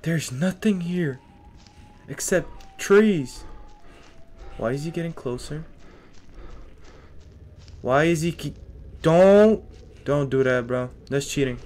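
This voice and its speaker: A young gaming streamer plays a horror game in a let's play, jittery and scared, muttering to himself and taunting the monster. His fairly high voice is a little mellow, slow, and full of pauses, and his talk is slangy, with "bro" again and again.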